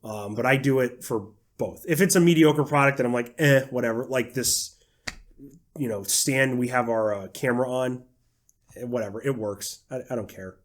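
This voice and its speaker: A young man rants on a casual podcast, sarcastic and quick to swear. His voice sits at an ordinary middle pitch for a man. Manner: ranting, sarcastic, swears freely. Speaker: podcast co-host. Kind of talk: casual chat.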